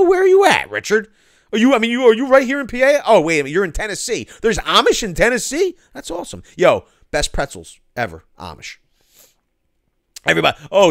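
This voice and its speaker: A man hosting a construction live stream, reading viewer comments aloud in an excitable way and throwing in lots of "yo" and quick asides. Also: mid-range voice, no echo, clean studio sound.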